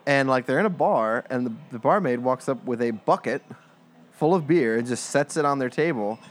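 A man co-hosting a casual beer review chat, relaxed, telling stories and cracking dry jokes. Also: medium pitch, moderate pace. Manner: relaxed, dry joking, storytelling.

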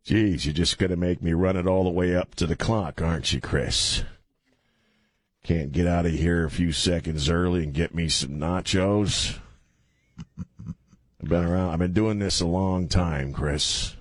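A radio host doing a comic impression of a sly, drawling movie star with a teasing, menacing manner. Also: male voice, low-pitched, no room sound, clean studio sound. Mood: whiny. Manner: teasing, leering, slow menace.

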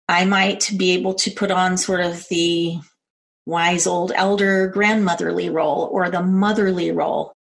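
A middle-aged woman giving a calm, earnest instructional talk on personal safety. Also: on the low side, gravelly. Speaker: self-defense instructor.

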